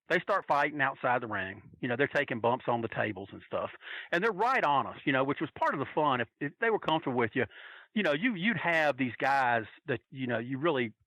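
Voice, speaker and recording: A man from North Carolina casually telling a story as a podcast guest, animatedly acting out quotes in a higher voice. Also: sharp tone, no echo, low-quality recording. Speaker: podcast guest, wrestling fan.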